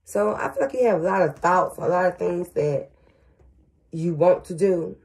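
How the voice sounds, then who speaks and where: A woman's voice: fairly low pitch, normal speed, darkish tone. A grandmother working as a psychic medium, giving a casual reading to viewers with frequent stutters, fillers and "y'all". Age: older.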